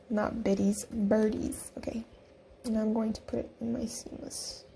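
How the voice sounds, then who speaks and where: A woman's voice: fairly high pitch, level tone, measured pace, creaky, pauses often, warm tone, slight background noise. A young woman casually narrating a design tutorial, chatty and giggly as she talks through each click. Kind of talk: casual screen-recorded tutorial.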